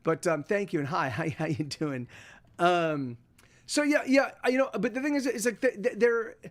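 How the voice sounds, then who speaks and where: Rambling man streaming from home, high voice. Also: moderate pace. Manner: rambling, many restarts and fillers. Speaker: livestream host. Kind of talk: casual chat to a live audience.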